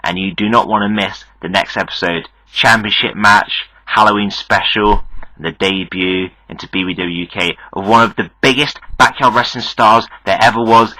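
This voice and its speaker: A man's voice: on the low side, moderate pace, pushed and bright, no room sound, low-quality recording. A young man hosting a podcast, delivering a hyped wrestling promo straight to the fans. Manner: hyped, salesy, addresses fans directly. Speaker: podcast host and backyard wrestler.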